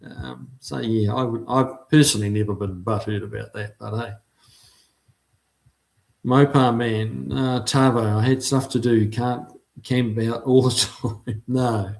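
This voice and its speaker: A man's voice: medium pitch, fairly even intonation, measured pace, gravelly. A middle-aged man from New Zealand with a New Zealand accent, casually chatting as he reads out viewer comments on his livestream, laid-back with frequent ums. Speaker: livestream host reading chat. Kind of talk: casual chat.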